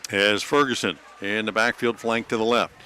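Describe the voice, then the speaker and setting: Bright-voiced man calling football plays. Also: lowish voice, steady tone, a little hiss or hum. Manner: rapid play calling, jokes like an auctioneer. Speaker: play-by-play announcer. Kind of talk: high school football play-by-play.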